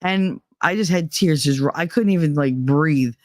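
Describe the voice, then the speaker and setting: A woman's voice: low voice, normal speed, dry recording. A woman hosting a podcast, telling personal stories in a candid, profane, laughing way. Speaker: podcast host. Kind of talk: casual personal storytelling.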